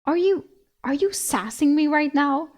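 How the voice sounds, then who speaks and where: A woman's voice: sits high, animated, measured pace, voice pushed up. A woman voicing an exasperated young heroine in a novel she reads aloud, firing off incredulous retorts. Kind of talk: reading a novel aloud with voices.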